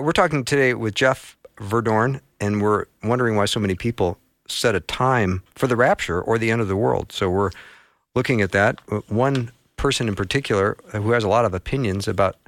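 A man's voice: on the low side, a bit bright, no room sound. A man hosting a Christian talk radio show from a studio, folksy and joking. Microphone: studio microphone.

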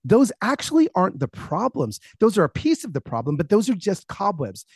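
A man, a guest author, telling a personal story in an interview, fast and animated, with many restarts. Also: high-pitched, slightly rough, dry recording, studio quality.

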